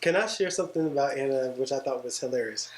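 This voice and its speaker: A man's voice: quick pace, a loud crowd. A man in a casual podcast chat who jokes around playfully. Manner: playful, joking, very lively pitch. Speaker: podcast guest. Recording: echoey room with background noise.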